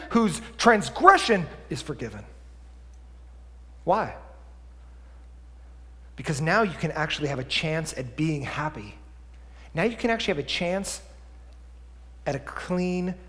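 Animated preaching man in a reverberant church. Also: high voice, unhurried, pauses often. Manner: animated preaching, drops to a quiet voice for acted asides then climbs loud. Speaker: pastor. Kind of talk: sermon. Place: church sanctuary.

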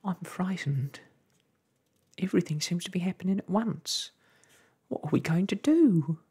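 A man's voice: on the high side, moderate pace, pitched above the performer's own voice. A man doing a fretful tiny borrower mother. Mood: fretful, dismayed. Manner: whimpering, wailing, breathy and soft. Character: anxious fretful little borrower mother, middle-aged. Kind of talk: soft-spoken ASMR reading.

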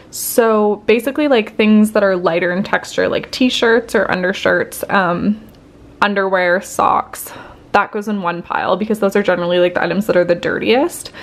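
A woman's voice: medium pitch, gravelly. A woman vlogging cleaning tips in a chatty, step-by-step way with lots of fillers, a little out of breath as she cleans. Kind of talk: casual tips while cleaning.

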